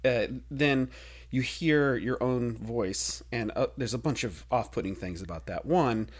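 A young man co-hosting a podcast in casual banter, animated, laughing often and leaning on fillers. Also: mid-range voice, unhurried, slightly rough. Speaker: podcast co-host.

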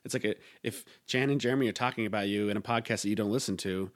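A man's voice: fairly low pitch, racing. A man co-hosting a podcast, telling rambling funny stories in casual chat, full of fillers and laughter. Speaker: podcast co-host.

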